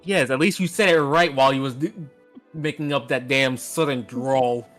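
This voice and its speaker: A woman streamer in casual chat, exasperated and swearing as she pleads loudly. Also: very deep voice, normal speed, faint music behind. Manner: exasperated, swearing, loud pleas.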